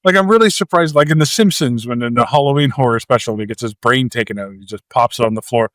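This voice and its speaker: A man's voice: mid-range voice, quick pace, dry recording. A man co-hosting a movie podcast, recapping scenes in casual chat and acting out quotes and sound effects. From Canada. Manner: animated storytelling, acts out quotes and sound effects. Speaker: podcast co-host.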